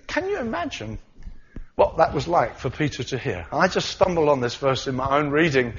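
Man, preacher, sermon, animated, acts out scenes, slightly high voice, dull lo-fi recording. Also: normal speed.

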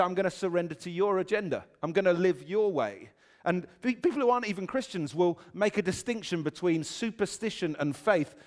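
A pastor preaching a conversational sermon, with humorous, self-deprecating asides. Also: male voice, a little high.

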